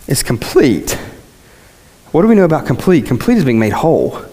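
A man preaching a sermon, asking rhetorical questions and repeating phrases as his voice swings from low to high. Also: very animated, moderate pace, dark tone, long reverb tail, slight background noise.

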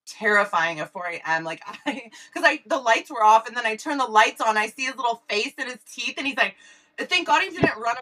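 A woman co-hosting a podcast in casual chat, telling an animated story full of "like" and swearing. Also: a little high, a little fast, low-quality recording. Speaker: podcast co-host.

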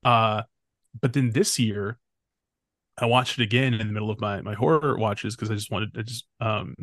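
A man speaking as a podcast guest in casual conversation, relaxed and rambling with frequent restarts. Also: on the low side, moderate pace, no room sound, studio quality. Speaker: podcast guest, film critic.

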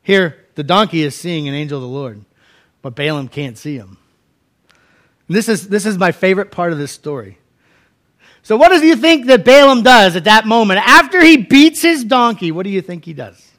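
A pastor with a high, bright voice preaches, recounting a scripture story like a casual chat and voicing the characters' quoted lines as he goes. His folksy, conversational delivery has a sing-song lilt at a normal pace.

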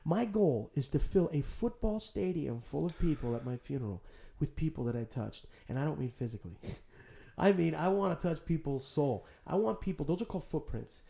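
Animated, foul-mouthed man in a roomy space. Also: fairly high pitch, moderate pace, vocal fry. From San Jose, California. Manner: animated, swears freely, storytelling. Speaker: podcast guest. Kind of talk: casual podcast conversation. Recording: roomy echo.

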